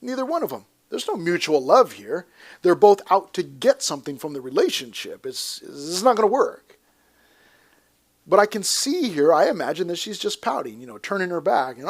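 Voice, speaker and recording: Male pastor, high-pitched, animated and emphatic sermon delivery with playful asides. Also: moderate pace. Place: church service before a congregation.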